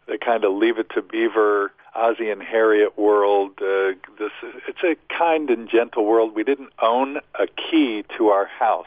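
An older man with a lowish voice recounts his childhood with lively humor. His voice comes through a dry, tinny phone line. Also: a little slow, few pauses, no room sound. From Kansas City, United States. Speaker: guest. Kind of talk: interview storytelling.

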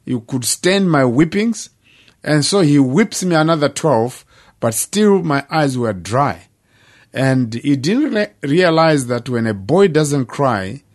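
An older man tells his life story at a middling pitch. He speaks earnestly and plainly, pausing for weight between phrases. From Zimbabwe. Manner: earnest, plain-spoken storytelling with dramatic pauses. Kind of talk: personal testimony.

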